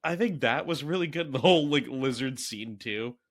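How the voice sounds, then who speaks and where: A man co-hosting a casual movie podcast, animated and laughing often as he acts out scenes. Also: mid-range voice, moderate pace. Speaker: podcast co-host. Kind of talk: casual movie review chat.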